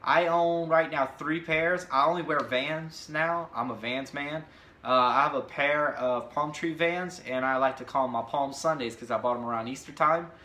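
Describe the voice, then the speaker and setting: A vlogger in his twenties with a high, bright, forceful voice works through viewer questions at a moderate pace. His casual Q&A rambles with many fillers, and the room is echoey.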